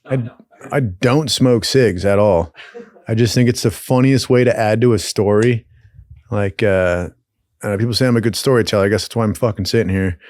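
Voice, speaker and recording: A young man telling profane stories in a casual, animated way, acting out the people in them. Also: on the low side, moderate pace, no echo. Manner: profane, animated, acts out voices in his stories. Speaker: podcast host telling stories. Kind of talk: casual storytelling.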